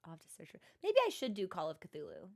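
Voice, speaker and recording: A woman's voice: fairly low pitch, huge pitch swings, quick pace, vocal fry. A young woman streaming and chatting with viewers, rambling and self-deprecating, often restarting her sentences. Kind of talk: casual chat with stream viewers.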